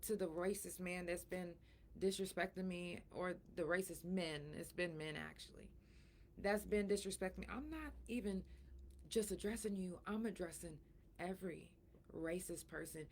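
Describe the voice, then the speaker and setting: Woman podcaster, middle-aged, gravelly low voice, emphatic and frank, sore from surgery, faint background hiss. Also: normal speed. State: in pain after surgery, soft and breathy at times. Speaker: podcast host. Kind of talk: casual solo talk.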